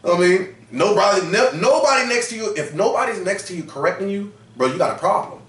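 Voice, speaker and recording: A man's voice: high-pitched, expressive, fairly quick, a bit bright. A man teaching scripture in a street-style preaching manner, emphatic and slangy, often tagging "man" onto his lines. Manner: emphatic, slangy, repeats "man" and "you know what I'm saying". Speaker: teacher leading a scripture study. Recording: roomy sound from a distance.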